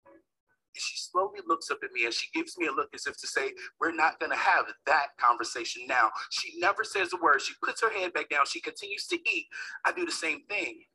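A man's voice: fairly high pitch, wildly swooping pitch, brisk, rough recording. A man giving a dramatic motivational speech, telling a personal story and acting out the quoted voices. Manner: acts out quoted voices, builds to shouts. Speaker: motivational speaker.

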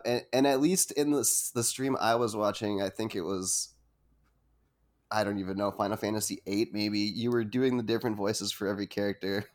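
A man's voice: lowish voice, a little fast. A man hosting an interview, asking long, rambling questions full of fillers. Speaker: host. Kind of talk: casual interview chat.

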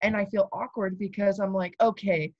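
A young woman in casual chat, talking in a chatty way with many fillers and turning animated when she mimics people. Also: lowish voice, normal speed, dry recording, lo-fi sound. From Douglas, Arizona area. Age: young adult.

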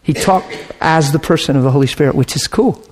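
A man preaching, telling a personal story with lively swings between hushed and shouting moments. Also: fairly high pitch, brisk. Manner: animated, bursts into shouting and laughter. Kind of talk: sermon storytelling.

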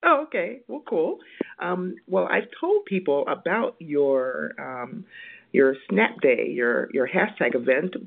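Guy hosting a chatty interview, gravelly and kinda high, phone-line tinny. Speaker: interviewer, host.

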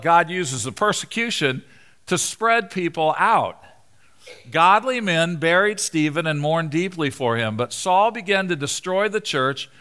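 A man preaching a sermon in a church, animated and conversational, joking with the congregation. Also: on the high side, clean tone. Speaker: preacher, Bible teacher.

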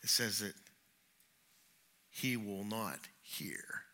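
A middle-aged man preaching a sermon, telling personal stories and acting out the voices he quotes, swinging between loud and hushed. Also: on the low side, drawn-out words. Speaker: pastor.

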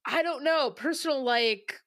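A woman co-hosting a casual podcast chat, animated and outspoken, swearing freely and mocking people by quoting them in exaggerated voices. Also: high voice, a little slow, no echo, studio quality. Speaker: podcast co-host.

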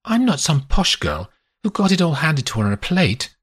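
A proud, sharp-tongued woman lawyer voiced by a man, her lines pitched far above his own deep voice and rising over a lively, wide melody. Her speech is clipped and pointed, with a rough, husky edge carried over from the performer. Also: a little slow. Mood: angry.

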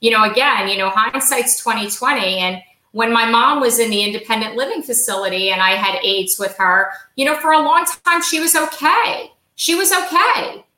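A middle-aged woman answers interview questions as a podcast guest, stressing her points and repeating them. Her voice is bright and forceful. The room around her rings with echo. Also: on the high side, fairly quick. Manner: emphatic, repeats key phrases.

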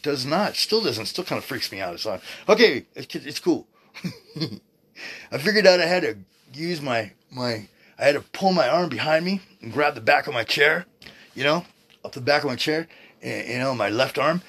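A man in his sixties hosting a podcast, rambling in a casual, excitable way, swearing freely and often restarting his sentences. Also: mid-range voice, breathy edge. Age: 60s. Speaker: podcast host. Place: at home, seated.

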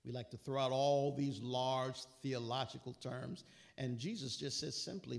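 A man's voice: mid-range voice, fairly even intonation, normal speed, creaky. A man preaching a sermon, quoting scripture with rising, emphatic bursts and casual asides.

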